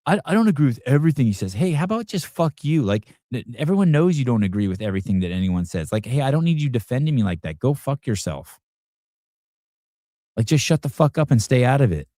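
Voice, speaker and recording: A man's voice: medium pitch, expressive, fast talker, dark tone, no echo, studio quality. A man hosting a show, giving casual reaction commentary in a combative, profane rant aimed at his audience and producer. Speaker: podcast host.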